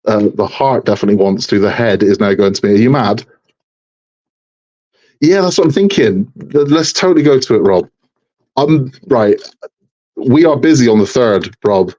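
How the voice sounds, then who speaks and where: A man's voice: medium pitch, lively intonation, normal speed, warm tone, dull audio. A man hosting a live model build stream, chatting casually and joking with frequent laughter. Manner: joking, rambling, laughs often.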